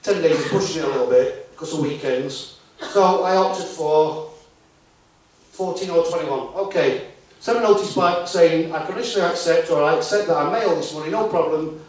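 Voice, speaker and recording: A man's voice: on the high side, a little mellow. A man giving a talk to a live conference audience, chatty and tossing tag questions at the room. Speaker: conference speaker. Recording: very echoey hall, voice far from mic.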